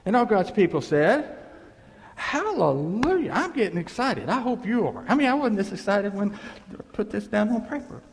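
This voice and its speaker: A male pastor preaching an animated sermon, swinging between loud exclamations and low murmurs, in a reverberant church hall.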